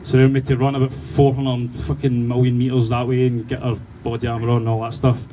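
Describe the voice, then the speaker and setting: A man with a Glaswegian accent doing sweary, animated stand-up storytelling and laughing through his punchlines. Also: medium pitch, fast, a little hiss or hum, rough recording. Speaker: stand-up comedian.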